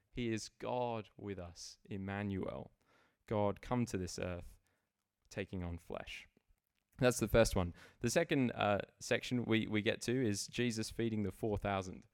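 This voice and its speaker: A man's voice: on the low side, creaky. A man preaching a sermon, earnest and reflective, often restarting his phrases.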